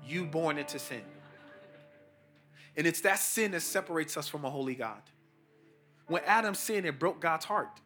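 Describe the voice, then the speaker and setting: At a normal speed but with frequent pauses, a middle-aged pastor and team chaplain preaches in a sharp tone, mixing in casual slang and rising emphatically on important points. Faint music sits behind him.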